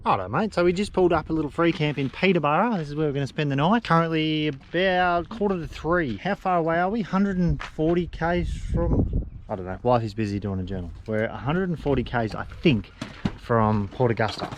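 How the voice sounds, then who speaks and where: A man's voice: a little high, animated, brisk, noisy background. A young Australian man vlogging casually from his car and campsite, chatty and laid-back, full of slang and calling the viewers mate. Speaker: travel vlogger. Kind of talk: casual vlog chat to camera. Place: outdoors and in a car on a road trip.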